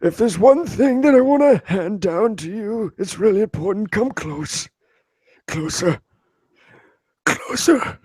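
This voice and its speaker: Guy doing a squeaky old grandpa voice, slow and creaky, calling the kid closer. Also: expressive, darkish tone, no echo, clean studio sound, full character voice. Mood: beckoning. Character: rambling old grandfather telling a story.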